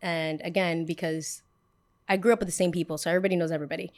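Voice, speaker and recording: A woman in her twenties hosting a podcast, telling a story in casual chat with an animated, sassy delivery, acting out her own past lines. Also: fairly low pitch, rapid-fire. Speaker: podcast host.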